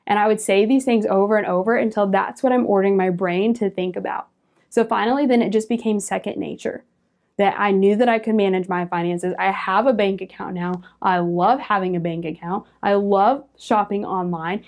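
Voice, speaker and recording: A young woman telling a personal story as a guest on a faith-based round table, lively, with laughs and quoted voices. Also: mid-range voice, fairly quick. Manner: animated storyteller, laughs often, acts out quoted speech.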